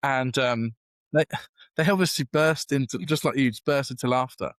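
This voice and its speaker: A man's voice: mid-range voice, normal speed, no echo. A young British man with a casual, self-deprecating manner, telling a long story in a podcast interview, full of fillers and restarts. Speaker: guest.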